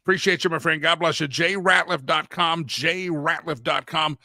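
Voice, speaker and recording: A man hosts a talk show in a casual, joking way with a sarcastic streak. His voice is bright and sits a little high. The sound is dry and close to the mic. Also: fairly even intonation, normal speed, no room sound. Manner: playful and sarcastic.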